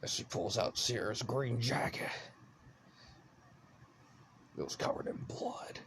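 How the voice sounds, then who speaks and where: A man telling a made-up first-person horror story in a hushed, whispery way. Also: mid-range voice, lively intonation, takes it slowly, noisy background.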